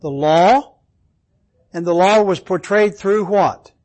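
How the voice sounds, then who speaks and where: High-voiced man teaching the Bible. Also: takes it slowly, darkish tone, low-quality recording. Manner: quizzes listeners with questions, repeats key words. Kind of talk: interactive Bible study teaching.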